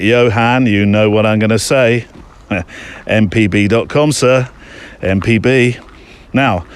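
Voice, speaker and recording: A man's voice: mid-range voice, slight background noise. A British man hosting a podcast, reading listener mail aloud in a casual, chatty way with joking asides. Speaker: podcast host.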